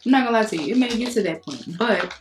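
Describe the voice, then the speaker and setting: A young adult woman chatting frankly to her viewers, telling animated stories and cussing casually. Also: medium pitch, fast talker, noisy background. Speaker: beauty vlogger. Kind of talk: casual chat to camera.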